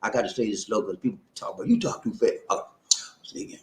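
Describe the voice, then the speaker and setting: A man running a relationship advice channel talks to the camera in a loose, colloquial way, hyping up his viewers, singing snippets and laughing often. His fairly low voice is lively and fast, and the recording sounds roomy.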